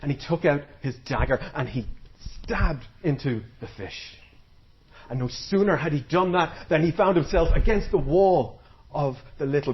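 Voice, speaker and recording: This storyteller's voice sits a bit high, and the recording is lo-fi. He's performing a folktale live for an audience, pulling listeners in with a dramatic, playful delivery.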